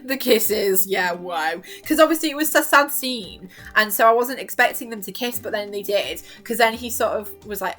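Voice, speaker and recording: A woman's voice: on the high side, brisk, a bit bright, faint music behind. A woman rambling casually about a TV series, gushing and emotional, with filler words and sudden squeals when she quotes her own reactions. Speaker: vlogger reviewing a TV series.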